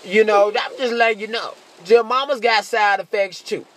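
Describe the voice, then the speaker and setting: A man doing a profane stand-up comedy monologue, brash, laughing often and slipping into shrill mocking voices. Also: fairly even intonation, normal speed, a bit bright.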